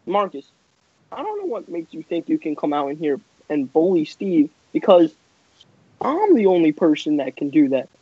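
Brief: young guy voicing a brash male wrestler, animated, slightly breathy delivery, dead-dry low-fi recording. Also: moderate pace, no echo, full character voice. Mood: mocking. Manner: mocking, laughing trash talk. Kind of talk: amateur wrestling promo voice-over. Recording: dry, dull lo-fi mic.

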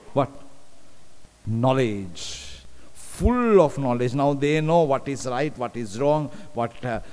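A Sri Lankan man preaches a sermon in a medium-pitched, slightly mellow voice, repeating phrases and posing questions to the congregation. It's a live stream with long hall reverb.

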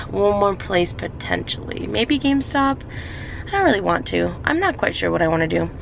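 A young woman, vlogging casually from her car and around stores, rambling and indecisive, getting excited as she talks. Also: medium pitch, gravelly, a little hiss or hum. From California. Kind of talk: casual vlog chat.

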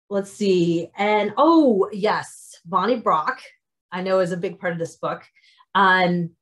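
A middle-aged woman author chatting casually about her novels, with many fillers and restarts. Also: lowish voice. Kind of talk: casual talk about her novels, then reading aloud.

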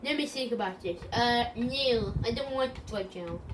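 Playing a video game, a woman on a gaming channel offers casual, rambling commentary full of silly jokes at her own expense. She speaks at a moderate pace in a voice on the high side, captured by a distant mic with obvious background noise.

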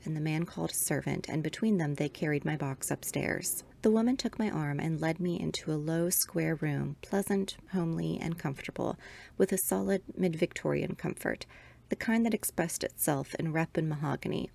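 A woman reads a Victorian ghost story aloud in a measured, expressive way. Her voice is on the low side with a gravelly texture. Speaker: podcast host reading aloud.

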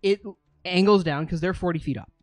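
A man's voice: sits high, a little fast, no room sound. Guy running a tabletop game, easy hesitant narration, dry close sound, faint music. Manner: relaxed, hesitant descriptions with fillers. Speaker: game master.

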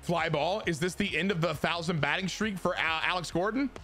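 A young man hosting a gaming channel, giving excited commentary on his baseball video game and cheering and shouting at the plays. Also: on the high side, fairly quick, soft background music. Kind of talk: excited live gameplay commentary.

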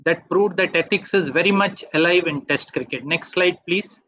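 A man giving a webinar talk, walking through slides in a measured way. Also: on the high side, bright, forceful tone. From India. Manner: measured, asks for next slide often. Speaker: webinar speaker. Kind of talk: slide presentation lecture. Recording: dull dry online audio.

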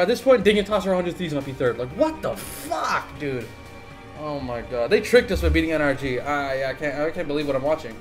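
A young man making a gaming video, ranting in an agitated, profane way. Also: a little high. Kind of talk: profane live-reaction rant.

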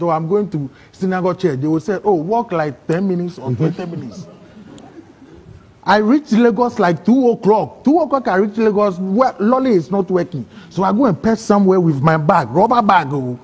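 Ghanaian man, interview guest, high husky voice, animated testimony that acts out the people in his story. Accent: Ghanaian English. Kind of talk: emotional personal testimony.

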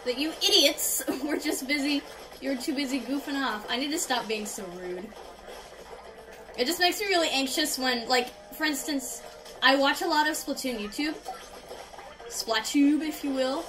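A woman doing gameplay commentary, reacting loudly with exclamations and self-conscious laughter. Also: high voice, normal speed, far from the mic, rough recording. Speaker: gaming YouTuber. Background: game music.

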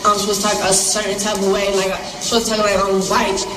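A woman talking defensively in halting speech full of fillers. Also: medium pitch, flat delivery, background noise. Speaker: person in a viral clip. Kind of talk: casual defensive talk. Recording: distant echoey recording with reverb.

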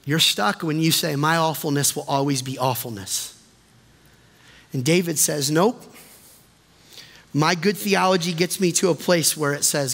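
A man preaching as pastor in a church, impassioned and then dropping soft and low to plead with the congregation. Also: measured pace, creaky, long pauses. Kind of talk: sermon. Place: church sanctuary. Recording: long reverb of a church hall.

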